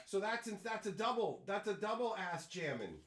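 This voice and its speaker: A man live-streaming a card pack opening, reading chat and going off on loud, profane, mock-angry rants. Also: high-pitched, sing-song, moderate pace.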